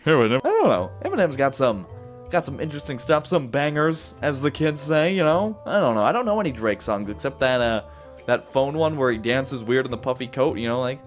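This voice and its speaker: Male gaming host, goofy and chatty, lively pitch, light music bed underneath. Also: fairly quick. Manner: playful, silly, chatty with viewers. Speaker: gaming YouTuber. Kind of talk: casual live game commentary.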